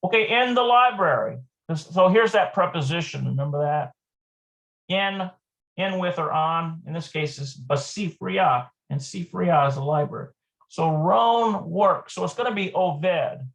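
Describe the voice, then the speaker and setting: A man teaching a casual language lesson, thinking aloud and slowly repeating words as he works through exercises. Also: fairly high pitch, expressive, creaky, fairly bright tone.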